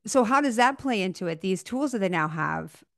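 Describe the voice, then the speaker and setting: A woman in her thirties hosts a conversational interview, gushing and openly emotional. Her voice comes across smooth and resonant. It sounds dry and close, with little room sound. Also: medium pitch, lively intonation, normal speed, no echo. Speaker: podcast host.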